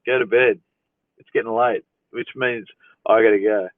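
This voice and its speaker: On a phone livestream, a man with a fairly low, steady voice hosts a casual Q&A at normal speed, reading viewers' questions aloud in an easygoing, amused way and chuckling often. The sound is dry and tinny, like a phone.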